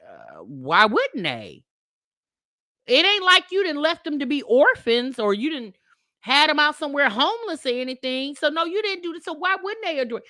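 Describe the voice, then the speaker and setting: A woman hosting a reaction video, commenting on a played clip in a sassy, mocking way with loud outbursts. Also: high voice, animated, brisk, no echo, studio quality.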